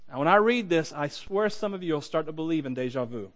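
A man's voice: a little high, animated, fast, few pauses. A pastor preaching a sermon to his congregation, reading scripture and then talking it through in a conversational, self-deprecating way. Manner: conversational, self-deprecating, chuckles between points.

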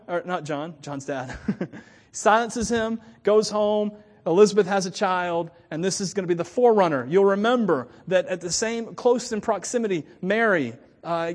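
A woman's voice: on the low side, a little mellow. A woman pastor giving a sermon in a casual, chatty way, with laughing asides. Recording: long reverb of a church hall.

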